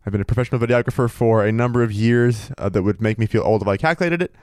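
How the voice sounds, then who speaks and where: Male podcast co-host, smooth resonant voice, deadpan wry humor, dry close mic. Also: fairly low pitch, racing, no echo. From United States. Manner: deadpan, wry, mock-formal. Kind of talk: casual chat.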